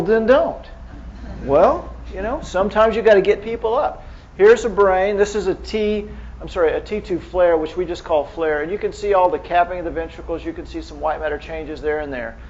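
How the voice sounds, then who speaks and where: A man's voice: sits high, moderate pace, darkish tone, dull audio, slight background noise. A man giving a conversational medical lecture as a neurohospitalist, quizzing the audience with frequent restarts.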